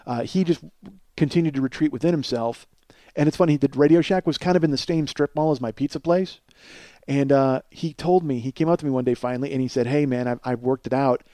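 A man's voice: a little high, fast talker, dark tone, dry recording. A man in his forties telling a long personal story in a casual, profane way, often laughing as he talks. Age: 40s. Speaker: podcast storyteller.

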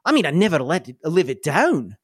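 A man plays a bold young woman who lives for thrills in a tabletop game, talking in a breezy, casual way. The voice stays close to his own, lively in pitch and recorded dry. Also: brisk, slightly rough, no room sound. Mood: eager.

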